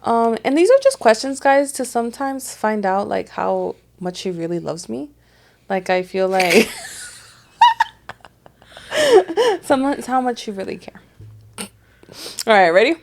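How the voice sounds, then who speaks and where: A young woman co-hosts a loose, chatty podcast with lots of vocal fry and a lively, swooping pitch. She talks in an animated way, laughs often and swears freely. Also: measured pace, long pauses. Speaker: podcast co-host. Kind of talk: casual chat.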